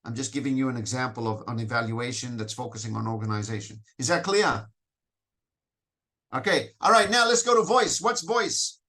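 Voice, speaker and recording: A man's voice: medium pitch, expressive, moderate pace, pushed and bright. A man leading an interactive workshop, firing questions at the audience and often restarting his sentences. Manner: questioning the audience, repeats phrases, frequent "so, so" restarts. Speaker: Toastmasters educator leading a session.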